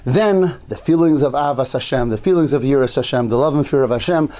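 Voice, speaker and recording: A man's voice: medium pitch, fast, dark tone. A man giving a Torah sermon, earnest and building his point through repeated rhetorical questions. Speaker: rabbi giving a Torah class.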